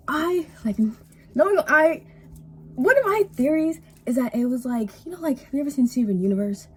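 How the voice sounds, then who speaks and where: Rambling, husky young woman vlogger. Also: a little high, brisk. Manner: rambling, full of "like" and swearing, animated retelling. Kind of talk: casual storytime chat while painting.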